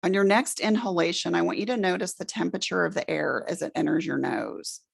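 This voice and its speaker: A middle-aged woman leading a room through a guided relaxation exercise, giving slow, soothing instructions. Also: fairly low pitch, gravelly, husky. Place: presentation room with an audience.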